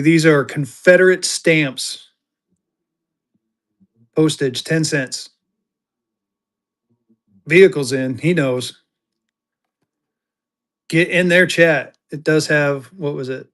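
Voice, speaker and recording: Here the auction host's voice is fairly high and a bit bright, and he talks slowly with long pauses. He keeps the live online sale casual, bantering and joking with his viewers while showing items.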